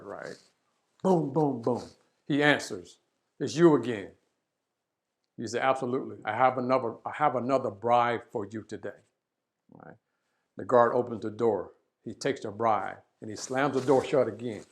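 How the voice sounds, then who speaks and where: A man giving a leadership webinar talk, telling a parable and often checking in with "right?". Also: mid-range voice. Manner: storytelling, acts out voices, frequent "right?". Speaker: leadership speaker.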